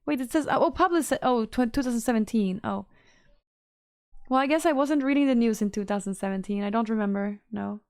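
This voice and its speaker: A woman's voice: on the high side, brisk, darkish tone, clear, resonant tone, dry recording, studio quality. A woman streamer, chatting casually and reacting to messages from her chat.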